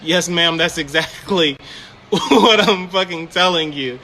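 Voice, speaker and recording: A man's voice: fairly high pitch, takes it slowly, bright, forceful tone, a little hiss or hum. A man casually telling a story about his job managing a store, laughing often and swearing freely. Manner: laughing often, swearing, quoting in put-on voices.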